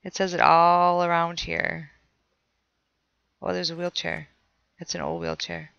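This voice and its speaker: A woman's voice: on the low side, lively intonation, slow, vocal fry, pushed and bright, no echo, muffled recording. A woman streamer playing a horror game, chatting with her viewers and reading the notes she finds aloud. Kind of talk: casual let's play commentary.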